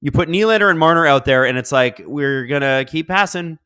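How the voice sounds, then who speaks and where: A man hosting a live watch-along stream, reading chat and reacting loudly to the game, dropping into mumbled asides. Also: on the high side, a little fast, clear, resonant tone. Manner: excitable, swings from mumbled asides to loud outbursts.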